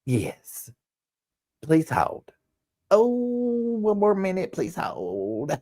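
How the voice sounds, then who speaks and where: A man's voice: sits high, wildly swooping pitch, drawn-out words, warm tone, no room sound, clean studio sound, voice pushed up, heavily acted. A man voicing a sweet, polite Southern small-town woman who answers the office phone and keeps saying "please hold.".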